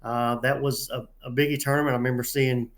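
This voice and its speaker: A man with a Southern drawl, a referee guest telling stories in an interview, halting with many filler sounds and a folksy, self-deprecating manner. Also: medium pitch, little pitch movement. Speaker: head tournament referee, guest. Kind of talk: casual interview storytelling.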